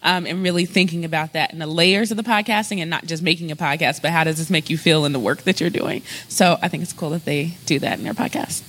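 Woman moderating a panel, asks thoughtful follow-ups, kinda low voice. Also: fast talker, few pauses, fairly bright tone. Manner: thoughtful, probing questions. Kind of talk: casual panel discussion.

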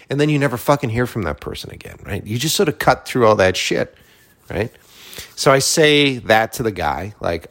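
Man from Boston, casual monologue host; lively pitch, swears freely, acts out both sides of conversations. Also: a little fast. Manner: profane, animated storytelling with acted-out dialogue.

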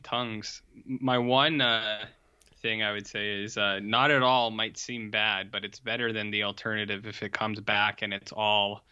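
Man, podcast co-host, casual rambling chat, bright voice, muffled lo-fi audio. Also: lowish voice, little pitch movement, a little slow, clear, resonant tone. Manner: rambling, self-interrupting. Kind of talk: casual chat over a video call.

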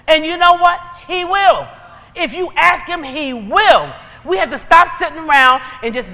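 A woman preaching a sermon in a lively, conversational way, building into urgent exhortations. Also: sits high, moderate pace. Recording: long reverb of a large hall.

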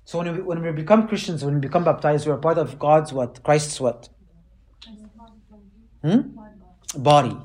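A man, a priest, preaching in a casual, animated way and often checking in with his listeners. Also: fairly high pitch, moderate pace, pauses often. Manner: animated, keeps asking listeners "right?". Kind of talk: conversational sermon.

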